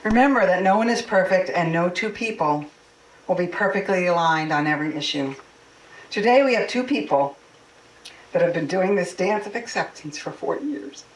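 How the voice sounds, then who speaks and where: A woman's voice: on the low side, lively intonation, normal speed. A woman minister giving a heartfelt, personal sermon and a blessing for a couple's anniversary. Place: church sanctuary. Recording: echoey hall, mic far off.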